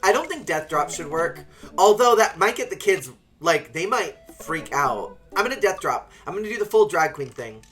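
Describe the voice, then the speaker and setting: Playful streamer with a lively voice. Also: mid-range voice, normal speed. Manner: playful, joking, animated reading. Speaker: streamer playing a dating game. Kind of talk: let's play commentary and reading game text aloud. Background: game music.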